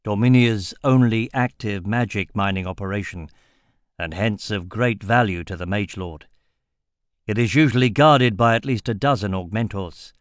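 A man voicing a shrewd, deliberate merchant. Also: lowish voice, dry recording, clean studio sound, lightly acted. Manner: slow, deliberate. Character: shrewd older male merchant, calculating and measured.

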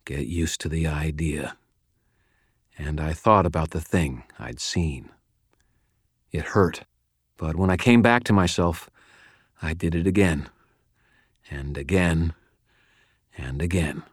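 A man with a very low, deep voice reads first-person fiction in a measured, steady way. The sound is dry and close, with no room around it. His delivery stays even and deliberate as he tells the story. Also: slightly rough, no echo. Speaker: audiobook narrator.

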